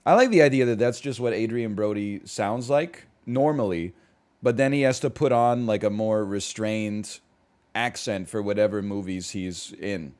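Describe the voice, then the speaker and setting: A man from Canada, chatting casually on a live stream, reacting to chat and rambling through asides with sudden excited jumps. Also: on the low side, moderate pace.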